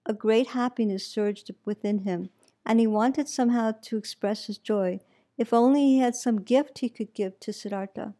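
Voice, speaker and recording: A woman meditation teacher reading a story aloud in a calm, measured way. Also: fairly high pitch.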